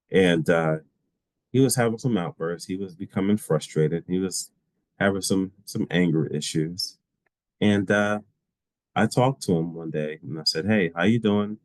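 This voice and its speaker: A man with a notably low voice talks his audience through a training session. His delivery is relaxed and anecdotal, sprinkled with fillers. The sound is dry and close. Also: no echo. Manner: relaxed storytelling with frequent fillers and laughs. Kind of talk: informal training talk with personal stories.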